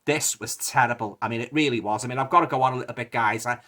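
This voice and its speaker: Middle-aged man, Liverpool accent, mid-pitched voice, indignant rambling rant for a video review. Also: fast talker, sharp tone. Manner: indignant, rambling, repeats himself, many fillers. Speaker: movie reviewer.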